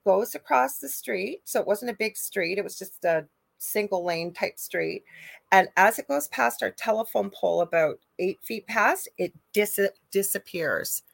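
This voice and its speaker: Middle-aged woman, gravelly low-key voice, dry close sound, animated storyteller on a home mic. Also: unhurried, dry recording. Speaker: co-host, psychic medium. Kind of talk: casual live chat, storytelling.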